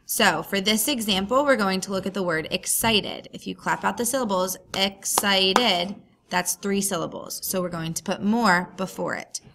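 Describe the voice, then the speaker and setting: A woman's voice: medium pitch, normal speed, gravelly, few pauses, a bit bright, a little hiss or hum. A woman teacher talking through a recorded grammar lesson, patient and explaining step by step.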